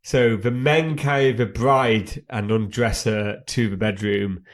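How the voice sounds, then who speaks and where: A man's voice: fairly low pitch, fairly even intonation, slow pace. A British man co-hosting a casual film podcast, chatting about a movie and its scenes. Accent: British English. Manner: chatty, reads out film lines with laughs. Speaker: podcast co-host. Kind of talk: casual film review chat.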